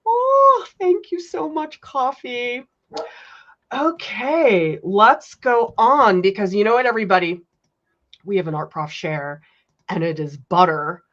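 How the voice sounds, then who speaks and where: A woman art teacher hosting a casual livestream, gushing with excited exclamations. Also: medium pitch, slow, highs cut off.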